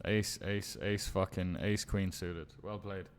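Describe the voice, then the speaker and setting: A man's voice: low voice, steady tone, takes it slowly. A man commentating his own online poker game on a live stream, muttering and swearing in exasperation.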